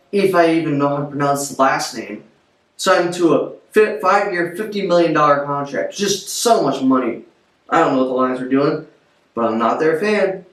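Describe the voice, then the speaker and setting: A man giving blunt, offhand, opinionated football commentary in a vlog. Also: fairly high pitch. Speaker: sports vlogger. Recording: roomy echo, distant from mic.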